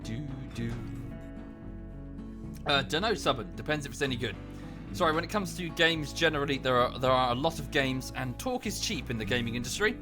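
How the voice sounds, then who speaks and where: A man's voice: medium pitch, animated, fast talker. A man chatting casually while live-streaming a game at home, often thinking aloud and thanking viewers. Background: background music.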